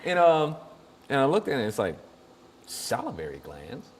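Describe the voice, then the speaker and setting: A man's voice: medium pitch, wildly swooping pitch, normal speed. A man hosting a show, chatting casually and jokily, rambling and laughing often. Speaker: show host. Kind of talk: casual comedic chat.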